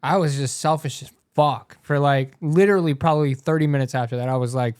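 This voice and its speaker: A man's voice: on the high side, fairly quick, darkish tone, smooth, no echo, studio quality. A young man, a podcast co-host, telling a story in a loose, profane, rambling way. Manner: loose, swears constantly, trails off and restarts.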